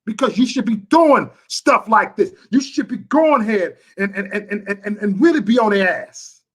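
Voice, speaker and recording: Man, fired-up livestream rant, higher-pitched voice, hammers points over and over. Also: moderate pace. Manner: impassioned, repetitive, emphatic. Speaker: YouTube livestreamer. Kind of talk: ranting livestream to chat.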